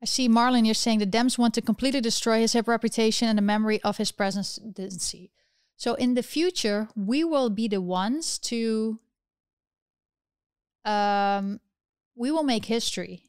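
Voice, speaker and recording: Female livestream host, impassioned, rhetorical, higher-pitched, dry close sound. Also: normal speed, clear, resonant tone, no room sound. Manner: impassioned, fires rhetorical questions. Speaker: political commentary host. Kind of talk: livestream commentary reading chat.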